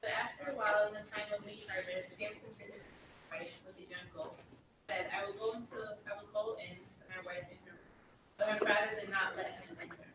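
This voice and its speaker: A woman's voice: mid-range voice, fairly even intonation, fairly quick. Distant woman reading scripture aloud. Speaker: class member reading scripture. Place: church classroom. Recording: distant, echoey room with noise.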